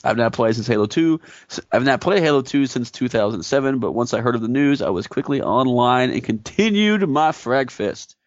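A man's voice: mid-range voice, expressive, normal speed, hardly any pauses, dry recording, dull audio. A man co-hosting a casual gaming podcast, joking and cutting into the others' lines. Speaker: podcast co-host. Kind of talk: casual chat.

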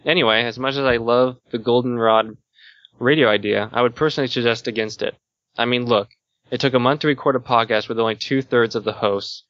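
A man's voice: medium pitch, a bit bright. A man reads a listener's message aloud on a casual podcast, stumbling now and then. The sound is dry, with no room echo. The recording is dull and lo-fi. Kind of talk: reading a listener submission aloud.

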